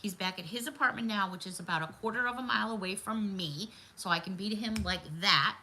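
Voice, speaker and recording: A woman's voice: medium pitch, fast talker, poor audio. A middle-aged woman hosting a casual livestream chat, talking to viewers by name and laughing often. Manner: chatty, warm-hearted, laughs often, talks to viewers by name. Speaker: livestream host.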